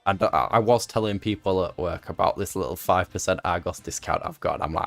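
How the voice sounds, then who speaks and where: A man's voice: low voice, a little fast, vocal fry, few pauses, soft background music. A young man rambling casually to chat while streaming a game, self-mocking and prone to voice cracks. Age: young adult.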